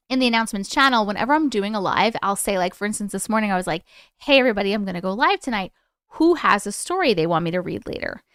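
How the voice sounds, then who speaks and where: A young woman hosting a casual livestream, chatty and excitable with her viewers and swearing freely. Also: on the high side, clean tone, no echo, clean studio sound. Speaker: livestream host.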